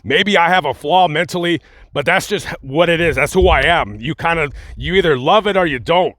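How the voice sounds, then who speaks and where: A man's voice: a little high, a bit bright, no echo. Blunt, fiery man on a dry mic. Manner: blunt and emphatic, with halting restarts. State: angry and upset. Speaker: YouTube commentary host. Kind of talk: heated direct-to-camera commentary.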